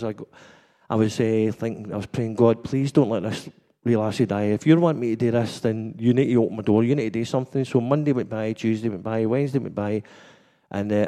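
Scottish man, church testimony, chatty storyteller who laughs a lot, mellow warm tone, echoing hall. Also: fairly low pitch. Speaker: church member giving testimony. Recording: long hall reverb.

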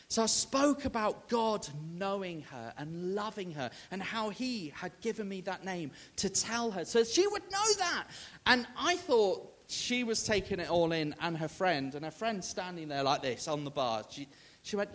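A man's voice: high voice, very animated, moderate pace, a bit bright. A man, a Baptist minister preaching a storytelling sermon and acting out the dialogue as he goes. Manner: rallies the audience to call out answers.

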